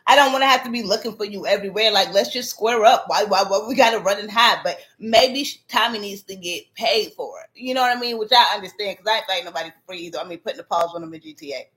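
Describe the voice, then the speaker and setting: A woman's voice: medium pitch, quick pace, few pauses, a bit bright. A woman hosting a casual livestream, chatting animatedly with her viewers and laughing often. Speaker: livestream host.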